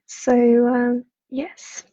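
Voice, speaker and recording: Soft high-pitched woman with a Swedish accent. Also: monotone, no echo. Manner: apologetic, soft-spoken, halting with fillers. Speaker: psychic counselor. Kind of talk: casual livestream chat. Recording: dull lo-fi livestream audio.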